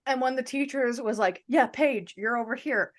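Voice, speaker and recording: Woman podcast co-host, high-ish voice, casual storyteller who acts out quotes. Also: moderate pace. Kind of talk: casual chat.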